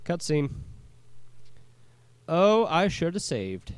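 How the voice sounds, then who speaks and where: A man's voice: a little high, very animated, extremely slow, smooth, no room sound. A man playing a video game, reading the characters' dialogue aloud in his own plain voice and adding casual comments. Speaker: let's play gamer.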